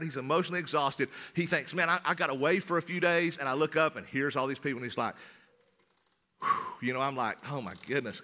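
Middle-aged pastor guy preaching, kinda high bright voice, repeats himself, goes loud then quiet. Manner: conversational, repeats words, shifts from loud to hushed. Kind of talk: sermon.

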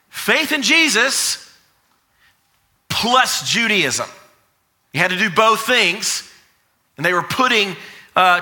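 Man, pastor, sermon, very bright voice, fairly high pitch, energetic storytelling. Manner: energetic storytelling with frequent fillers and restarts.

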